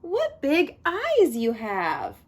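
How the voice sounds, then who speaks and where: A prim, innocent little girl with a lively, high voice, polite to everyone she meets, as a woman reads her in a storybook. Her voice rises and falls with a bright, sing-song lilt. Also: drawn-out words, exaggerated voice. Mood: sweet, innocent. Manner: prim, well-mannered. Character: sweet polite little girl in a red hood.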